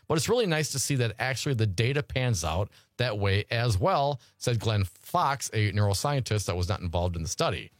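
A man's voice: fairly low pitch, expressive, moderate pace, hardly any pauses, no room sound, clean studio sound. A man hosting a talk radio show, reading news articles aloud and riffing on them casually.

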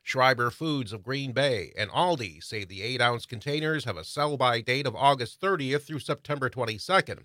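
A man reading a radio newscast in a measured, formal way. His voice sits at a middle pitch with a bright, crisp tone, and the studio sound is dry. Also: no room sound. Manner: measured, formal news delivery. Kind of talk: scripted news read. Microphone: studio microphone.

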